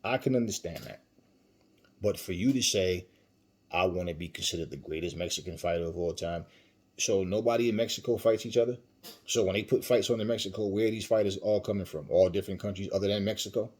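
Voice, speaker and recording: A man's voice: fairly low pitch, a little mellow, slightly rough. A man hosting a boxing commentary channel, talking emphatically with rhetorical questions and frequent fillers. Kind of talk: opinionated commentary.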